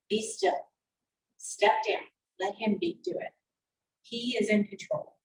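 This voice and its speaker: A woman church elder teaching from the Bible with animated, emphatic readings, heard over a video call. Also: fairly high pitch, distant mic. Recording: echoey video-call audio from off the mic.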